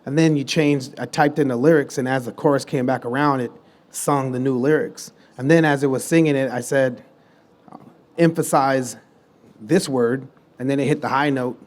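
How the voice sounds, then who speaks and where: A man guest on a live podcast stage, telling stories in a loose, animated way and acting out the people he quotes. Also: medium pitch, moderate pace. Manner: animated storytelling, acts out quoted dialogue; loose, restarts mid-sentence. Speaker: guest musician and producer.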